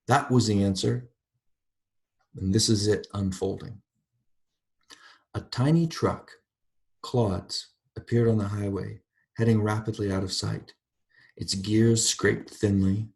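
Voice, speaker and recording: A man with a fairly low voice teaches a university literature class. He reads passages aloud, then stops to unpack them in a thoughtful, wandering way. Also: unhurried, vocal fry, a little mellow. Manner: thoughtful, digressive explanation. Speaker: literature lecturer.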